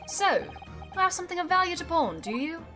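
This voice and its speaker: A woman's voice: very high-pitched, big pitch swings, fairly quick, pushed and bright, soft background music, pitched above the performer's own voice, heavily acted. A woman voicing a confident, theatrical male detective in a video game, speaking pompously.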